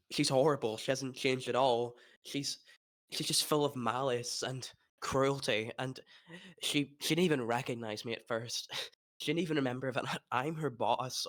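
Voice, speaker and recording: A man playing his character in a tabletop role-play, talking haltingly and despairingly, with nervous laughs. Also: medium pitch, fairly bright tone. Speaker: player.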